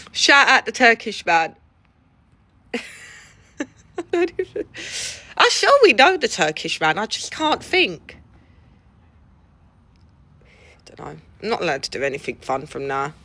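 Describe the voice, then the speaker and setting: A woman's voice: mid-range voice, very animated, takes it slowly, pauses often, sharp tone, dry recording. A woman chatting casually with viewers on a livestream. She laughs often and swears casually. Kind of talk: casual chat with live viewers.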